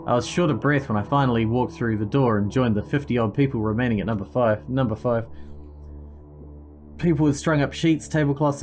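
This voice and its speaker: A man reads an interactive story game aloud in a steady narrating voice, now and then stumbling and correcting himself. His voice sits at an ordinary middle pitch. Faint game music plays beneath. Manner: steady reading, occasional slips and self-corrections. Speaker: gaming channel host.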